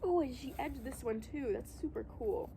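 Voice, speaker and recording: A woman vlogger unboxing tarot decks outdoors, gasping and halting, overwhelmed with delight. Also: high voice, gravelly, dark tone, a little hiss or hum. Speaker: vlogger opening tarot mail. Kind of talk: casual unboxing chat. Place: outdoors at a table on a windy day.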